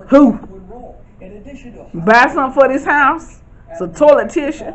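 A woman, chatting excitedly to viewers at home as she shows off her shopping haul. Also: high-pitched, unhurried, pauses often, dull audio. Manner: chatty, excitable, keeps addressing viewers as y'all. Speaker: vlogger. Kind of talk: casual haul vlog.

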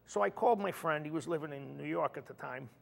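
A man's voice: a little high, fast talker, vocal fry. A man, a comedian guest, telling a story in a casual chat and acting out the quoted dialogue. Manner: animated, acts out quoted dialogue. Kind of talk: anecdotal storytelling. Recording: long reverb.

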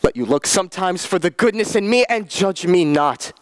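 A young woman acting the part of a proud, quick-tempered farmer husband in a school stage play, speaking in a commanding, threatening way. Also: lowish voice, animated, no room sound, lightly acted. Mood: defensive. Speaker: student actor.

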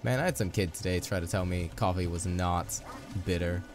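A man's voice: low-pitched, normal speed. Chatty young man over game music. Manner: chatty, upbeat, playful asides. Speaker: let's play host. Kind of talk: casual gameplay commentary. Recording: music playing underneath.

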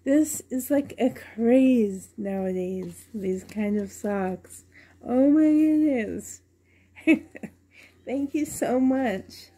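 A woman's voice: mid-range voice, very slow, dark tone, breathy edge. A woman at home unboxing a doll for her vlog, gushing with delight and often dropping to a whisper. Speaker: reborn doll collector unboxing a doll.

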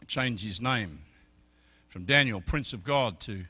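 A middle-aged man preaching a sermon as an evangelist, telling stories and swinging from quiet talk to loud shouted peaks. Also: medium pitch, slow, husky. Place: church service.

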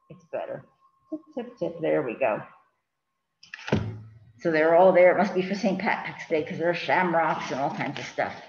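A woman's voice: mid-range voice, darkish tone. A woman, a children's librarian, reading picture books aloud to kids and chatting as she handles the pages. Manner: chatty, sing-song, fussing with the book on camera. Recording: roomy, dull lo-fi with faint hiss.

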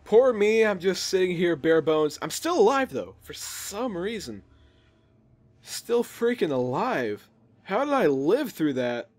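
A young man casually commenting while playing a video game, chatty and jokey with quick reactions. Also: high voice, sing-song. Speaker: gaming video host. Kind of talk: casual let's play commentary.

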